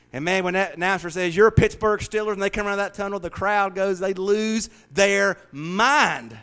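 A middle-aged man preaching an informal sermon and Bible study, folksy and conversational, swinging from hushed asides to loud, lively exclamations. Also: high-pitched. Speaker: pastor.

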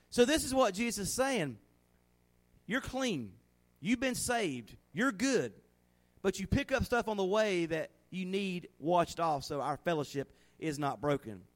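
A middle-aged man preaching a sermon in a folksy, animated way, acting out little scenes in a hushed voice. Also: sits high. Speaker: pastor.

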